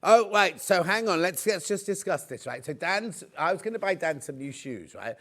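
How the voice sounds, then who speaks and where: A middle-aged man presenting on live shopping TV, with a voice that sits fairly high for a man. He swings his pitch up and down a great deal. He is chatty and jokey and tends to wander off into stories. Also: lively intonation, moderate pace, a bit bright. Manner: chatty, jokey, rambling into anecdotes.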